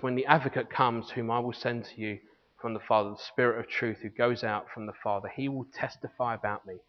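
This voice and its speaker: Male pastor, mid-pitched, earnest sermon delivery, lo-fi recording with a long reverb tail. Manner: earnest teaching, reads scripture aloud, frequent restarts. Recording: long hall reverb, dull lo-fi sound.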